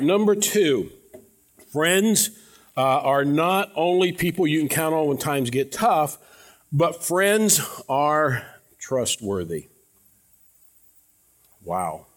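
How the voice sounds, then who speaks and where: A male pastor preaching a sermon to his church in an earnest, conversational way, often dropping to quiet, low tones and asking the congregation questions. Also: very animated, slow pace, long pauses. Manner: conversational, repeats words, asks the congregation questions.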